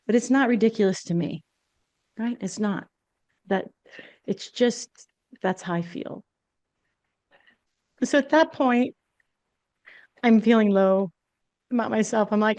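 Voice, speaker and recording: A woman's voice: on the high side, unhurried, long pauses, a little mellow, no echo. A woman podcast host telling a personal story in a candid, confessional way.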